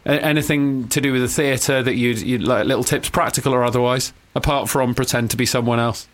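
A man's voice: mid-range voice, fairly even intonation. A man hosting a casual comedy chat show, asking a caller questions and teasing him along. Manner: teasing, quick-witted questioner. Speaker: show host.

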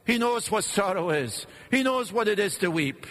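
A man preaching a sermon in an earnest, measured way, posing rhetorical questions and pausing for effect. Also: high-pitched, animated, a bit bright. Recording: long reverb of a large hall.

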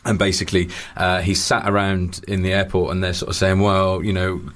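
Fast-talking low-voiced male host. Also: little pitch movement, a bit bright. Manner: chatty anecdotal storyteller. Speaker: podcast host. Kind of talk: conversational interview.

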